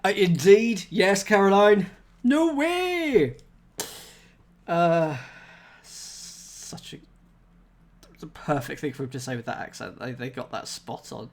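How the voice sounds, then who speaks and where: A man's voice: fairly high pitch, fairly even intonation, normal speed, gravelly, few pauses. A man thinking aloud as he solves a cryptic crossword live, chatting with viewers and laughing at himself. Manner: chatty, reads chat aloud, self-mocking laughs.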